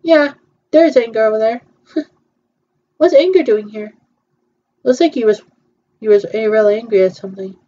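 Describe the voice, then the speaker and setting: A woman's voice: a little high, moderate pace, pauses often, warm tone, dull audio. A woman chatting casually through a virtual theme-park tour, hesitant and playful, with frequent ums.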